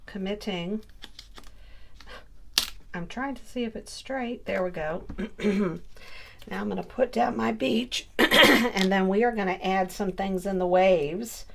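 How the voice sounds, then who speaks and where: A middle-aged woman from Maine talks through her crafting at an unhurried pace, half to herself and half to her viewers. Her chat is casual and homey, with a faint hiss of room noise behind her. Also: mid-range voice, creaky, fairly bright tone. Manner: chatty, muttering to herself while working. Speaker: crafting YouTuber.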